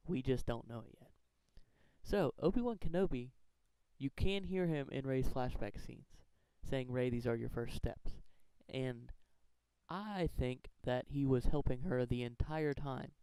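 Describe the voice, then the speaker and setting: A fan theory video maker earnestly works through a countdown in casual commentary, rambling and correcting himself along the way. His voice is medium-pitched, warm and smooth, with no room sound but poor audio quality.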